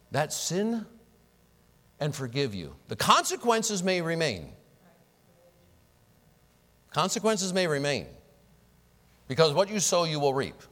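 A man preaching a sermon as pastor, animated and acting out the prayers and apologies he quotes. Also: high voice. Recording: long reverb of a large hall.

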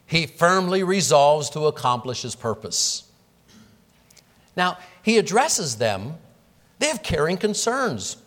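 A man's voice: on the high side, big pitch swings, slow, fairly bright tone. A man preaching an expository sermon verse by verse, earnest and explanatory, posing rhetorical questions to his congregation. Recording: long reverb of a hall.

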